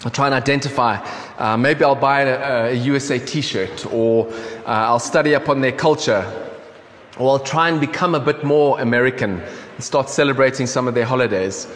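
A South African-accented pastor with a medium-pitched voice speaks at normal speed, delivering his sermon in an informal, conversational style. He restarts often and says um a lot, and the church hall recording carries echo and faint room noise.

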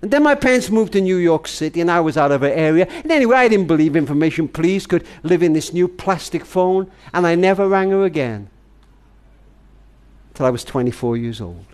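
A man's voice: a little high, lively intonation, brisk, a little mellow. An older man telling a heartfelt story in a tender manner, speaking to a grandchild as darling. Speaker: speaker and author.

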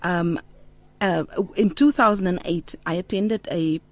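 A woman's voice: fairly low pitch, a little slow, dry recording. Woman, middle-aged, heartfelt testimony w lots of ums, dry close sound. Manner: earnest, heartfelt storytelling with frequent ums. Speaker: interview guest. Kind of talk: personal testimony in conversation.

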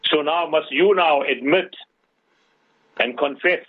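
A man's voice: on the high side, takes it slowly, husky, no echo. A male radio host giving religious advice to callers and listeners, preaching with rhetorical questions. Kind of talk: radio Islamic advice talk. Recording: tinny phone-line sound, dry.

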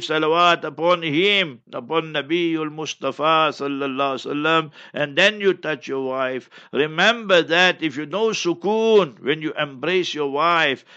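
Male religious teacher, emphatic and stern; slightly high, forceful delivery. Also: highs cut off. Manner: emphatic, stern, weaves in Arabic recitation. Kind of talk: instructive sermon.

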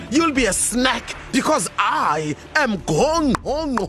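Lady doing a giant bragging monster, mocking, kinda high, south african accent. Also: a bit bright. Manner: boastful, mocking. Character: huge boastful monster that swallows buffaloes.

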